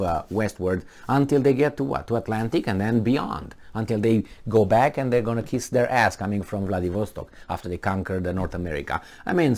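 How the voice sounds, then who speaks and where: A man with a lowish voice and a lively, swinging delivery rants through a solo commentary. He is sarcastic and mocking, firing rhetorical questions. He often halts on fillers and restarts mid-thought. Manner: halting, with frequent fillers and restarts. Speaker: political commentator.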